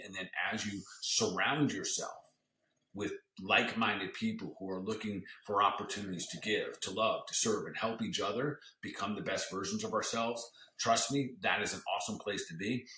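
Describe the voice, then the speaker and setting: A man's voice: deep voice, sharp tone, echoey room, poor audio. A male podcast host and doctor giving an earnest, motivational health talk, coaching listeners and often restarting his sentences.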